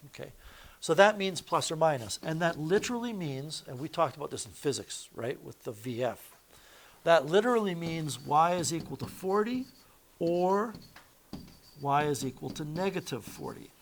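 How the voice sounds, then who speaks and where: A male math teacher lecturing a classroom, explaining each step and correcting himself aloud as he goes. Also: on the high side.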